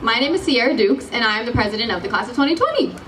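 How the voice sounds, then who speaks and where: A woman's voice: a little high, very animated, rapid-fire, fairly bright tone, distant mic, a little hiss or hum, poor audio. A teenage girl, the class president, giving her graduation speech, bubbly and giggly, apologizing when she loses her place. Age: late teens. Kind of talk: commencement speech.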